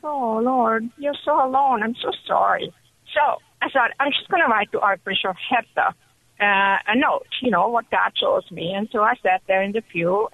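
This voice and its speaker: Woman, radio caller, chatty excited storytelling, muffled phone sound. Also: medium pitch, dry recording. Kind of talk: call-in radio testimony. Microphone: telephone.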